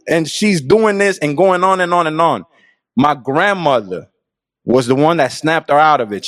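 A man's voice: a little high, lively intonation, moderate pace, no room sound, studio quality. A middle-aged man telling his own life story in an earnest, reflective and casual way. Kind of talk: personal storytelling.

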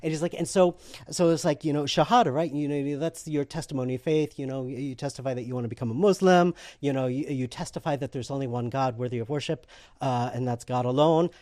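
A man's voice: medium pitch, quick pace. A man telling his conversion story casually, acting out the people he quotes and laughing as he goes. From eastern United States. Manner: animated, acts out quoted voices, laughs often.

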